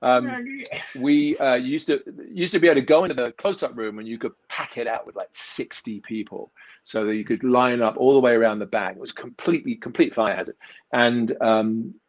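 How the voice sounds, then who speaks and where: A middle-aged man with an English accent that has drifted a little toward Canadian, chatting as a guest in a relaxed way, telling stories with frequent restarts. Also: medium pitch, moderate pace, low-quality recording. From England. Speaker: magician and actor guest. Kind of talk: casual chat.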